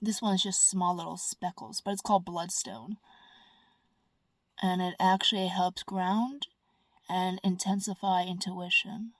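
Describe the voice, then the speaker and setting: A woman's voice: lowish voice, steady tone, a little slow, no echo. A woman talking casually to her camera, rambling and blunt, swearing freely and mimicking whiny voices. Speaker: vlogger.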